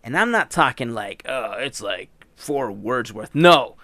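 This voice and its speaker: A man's voice: medium pitch, lively intonation, unhurried, pushed and bright, no room sound. A tired man hosting a podcast, doing casual jokey plugs in a rambling way. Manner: jokey and rambling, tired and trying not to yawn. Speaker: podcast host. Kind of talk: casual chat with sponsor reads.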